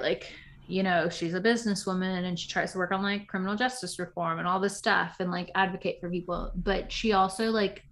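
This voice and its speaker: Chatty young woman, slightly low voice. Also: a bit bright. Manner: chatty, laughing, quoting people in mock voices. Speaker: podcast co-host. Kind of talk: casual chat recapping reality TV.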